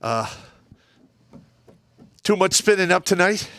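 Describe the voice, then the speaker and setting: A middle-aged man telling stories as a podcast co-host, swinging between loud bursts and low mutters and laughing often. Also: expressive, takes it slowly, clear, resonant tone. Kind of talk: casual storytelling.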